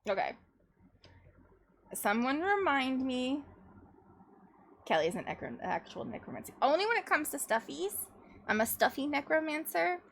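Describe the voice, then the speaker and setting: A young adult woman hosting a livestream, chatting casually in a rambling, animated way and often breaking into laughter. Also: high voice, moderate pace, vocal fry, long pauses, a little hiss or hum. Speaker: livestream host. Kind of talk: casual chat.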